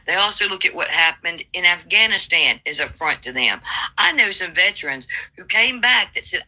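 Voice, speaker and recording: Blunt Southern woman with a bright voice. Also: on the low side, animated, normal speed, poor audio. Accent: Southern American. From Alabama, USA. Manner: blunt, emphatic, folksy. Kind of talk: political call-in chat.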